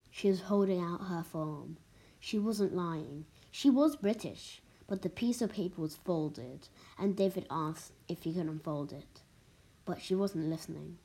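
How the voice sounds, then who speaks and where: A woman's voice: fairly low pitch, measured pace, mellow, a little hiss or hum, low-quality recording. A woman reading a story aloud in a plain manner, with small restarts.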